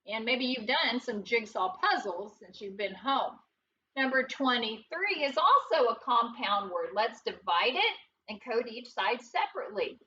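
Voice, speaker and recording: A woman teaching a recorded phonics lesson to first graders, slow and patient, with playful sing-song emphasis. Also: fairly high pitch, sharp tone, distant mic, lo-fi sound, slight background noise.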